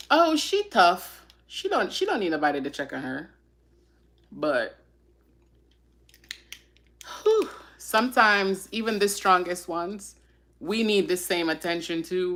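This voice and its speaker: A woman hosting a casual live stream, speaking in a heartfelt, emotional and reflective way, often pausing with sighs and fillers. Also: lowish voice, fairly bright tone.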